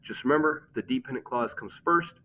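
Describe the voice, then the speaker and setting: Guy teaching grammar, bright voice, keeps saying okay, bit muffled w faint hiss. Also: medium pitch, fairly quick. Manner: explains step by step, often checks in with "okay?". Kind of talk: grammar lesson.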